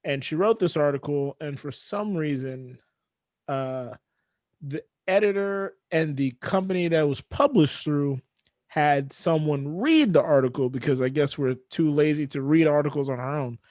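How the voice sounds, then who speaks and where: A man co-hosting a casual podcast, telling a story in a rambling way with many pauses. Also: on the high side, a little mellow, no room sound, studio quality. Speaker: podcast co-host.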